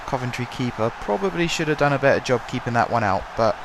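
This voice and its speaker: The young man hosting this gaming channel sounds hoarse from shouting as he talks fast through his football management game, his intonation lively and his commentary chatty and wry. A faint hum lies under the desk-mic recording, and his pitch stays in a normal middle range.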